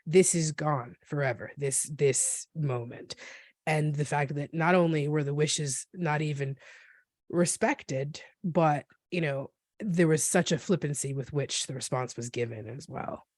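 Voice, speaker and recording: A woman in her forties telling her story as a podcast guest, earnest and reflective, often halting and restarting. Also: deep voice, a little mellow, dry recording, clean studio sound. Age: 40s. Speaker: guest, NICU parent. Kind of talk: personal storytelling in a podcast interview.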